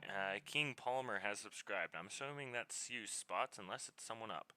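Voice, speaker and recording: A man's voice: lowish voice, normal speed, pushed and bright, faint music behind, poor audio. A man chatting casually on a live game stream, greeting viewers by name in an easygoing way.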